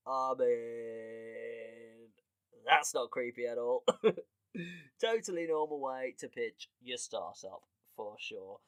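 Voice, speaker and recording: A man's voice: mid-range voice, no echo. Man hosting a comedy podcast, laughs a lot, swears, medium voice, dry close sound. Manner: animated, laughs often, swears casually. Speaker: podcast host. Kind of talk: casual comedic monologue.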